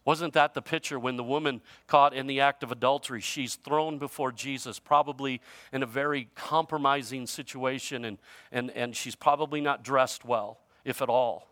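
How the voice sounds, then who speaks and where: A male pastor preaching a sermon in a conversational way, using informal grammar, his voice shifting from loud emphasis to quiet. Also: medium pitch, steady tone, moderate pace, dry recording.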